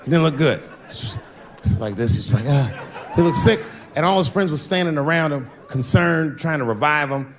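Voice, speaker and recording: Profane, animated male stand-up comedian. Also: fairly high pitch, normal speed. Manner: profane, animated storytelling, acts out characters. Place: stage before a live audience.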